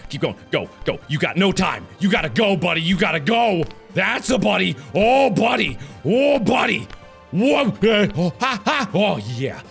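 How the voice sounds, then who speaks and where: A young man giving game commentary, talking to the game, swinging from mock-soothing murmurs to loud, exasperated outbursts. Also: mid-range voice. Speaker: gaming video host.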